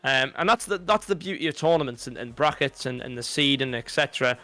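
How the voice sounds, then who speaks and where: A young man with a Liverpool accent, co-commentating an esports football final, talking in excited, rambling runs and restarting his sentences. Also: medium pitch, fairly quick, faint music behind. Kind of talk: esports pre-match analysis.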